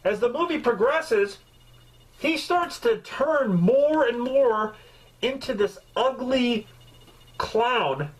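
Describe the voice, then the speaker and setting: A man reviews a movie in a loose, joking way, and he swears a lot. His pitch swings widely up and down as he drifts off into tangents. It sounds like off-the-cuff talk rather than anything scripted. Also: takes it slowly, poor audio. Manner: animated, swears freely, rambling asides. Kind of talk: casual comedic movie review.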